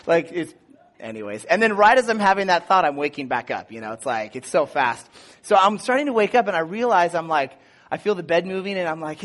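A man with a high, light voice delivers a casual sermon built around a personal story, like a pastor speaking to his congregation. He's brisk, lively, and animated, peppering his speech with "like" and "you know" and leaping into a higher shout when acting out scenes.

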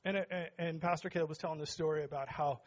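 A middle-aged man preaching a sermon as pastor in a church, joking with the congregation and building to shouts. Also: fairly high pitch, steady tone, fast, highs cut off. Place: church sanctuary.

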